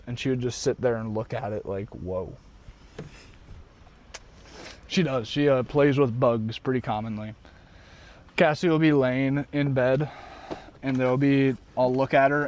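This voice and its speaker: A man live-streaming from inside his van, chatting casually with viewers and his dog, excitable and swearing freely. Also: mid-range voice, a little hiss or hum. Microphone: desk mic.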